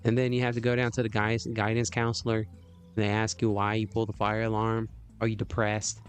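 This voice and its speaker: Dude streaming and yapping to chat, rambly, lots of uhs and laughs, faint music under. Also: male voice, on the low side, monotone, fairly quick. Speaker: livestream host. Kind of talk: casual livestream chat.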